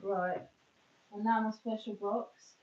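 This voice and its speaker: A woman's voice: mid-range voice, fairly even intonation, takes it slowly, darkish tone. A woman chatting casually on a live stream from her phone, rambling and poking fun at herself. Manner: rambling, chatty, self-mocking. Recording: dull, echoey, far from phone mic.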